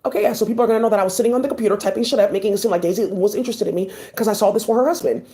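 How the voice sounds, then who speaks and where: A woman's voice: mid-range voice, racing, mellow. A woman talking straight to her viewers in a rambling monologue, agitated and swearing often.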